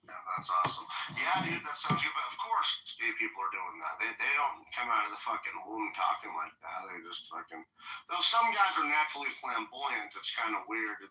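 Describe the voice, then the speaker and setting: A man's voice: fairly low pitch, big pitch swings, fairly quick, sharp tone, reverberant, distant mic, poor audio. A man hosting a casual audio chat room, rambling and swearing with lots of fillers. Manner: rambling, profane, many fillers.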